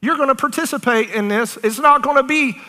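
A woman preaching a charismatic sermon, animated and excited, often laughing between phrases. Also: high-pitched, brisk. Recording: long hall reverb.

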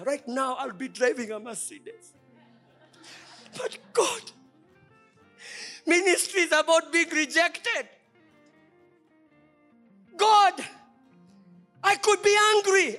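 Male pastor, very high and bright voice, preaching with sudden shouts and hushed drops, music under the sermon. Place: church.

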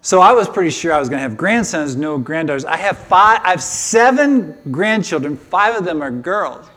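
Older male pastor, high-pitched, passionate sermon delivery with restarts. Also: normal speed. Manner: emotional, animated preaching with repetitions.

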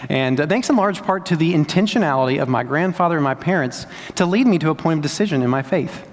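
A young adult man, preaching a sermon as a pastor in a conversational, storytelling way with lively asides. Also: fairly high pitch, fast. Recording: long hall reverb.

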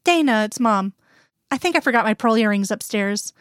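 A woman voicing a fretful older mother on the phone, gentle and urging, read in her own voice in a dry room. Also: on the high side, animated, normal speed, clear, resonant tone, no echo, lightly acted. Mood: worried, gentle.

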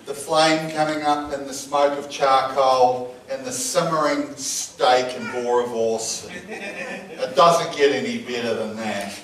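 A middle-aged man with a New Zealand accent preaching a sermon, telling jovial stories and laughing often. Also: mid-range voice. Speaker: pastor. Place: church hall with congregation. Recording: echoey hall, mic from a distance.

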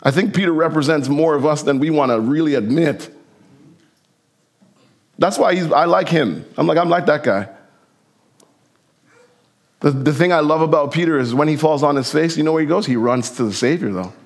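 Animated preaching man, slightly higher voice. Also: moderate pace, pauses often. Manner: animated, acts out Bible characters in casual voices; conversational, uses slang and fillers. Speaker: pastor. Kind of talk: sermon.

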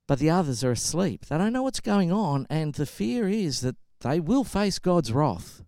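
A middle-aged man gives a sermon in an easy, conversational way. He tells stories and acts out the quotes. His voice is smooth and resonant, and the recording is dry and close. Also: on the high side, moderate pace, no echo. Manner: conversational, animated storytelling with acted-out quotes. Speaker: pastor.

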